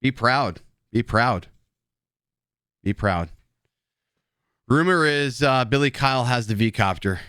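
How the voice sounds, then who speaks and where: A man's voice: mid-range voice, animated, slow, long pauses, fairly bright tone, clear, resonant tone, no room sound, clean studio sound. A man hosting a casual live stream, joking and swearing at his chat while drinking beer. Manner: rambling, joking, profane banter with chat.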